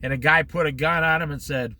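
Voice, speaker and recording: A middle-aged man teaching an informal Bible study, telling stories with lively quoted voices. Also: on the high side, fast, no echo. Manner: animated storytelling with quoted voices.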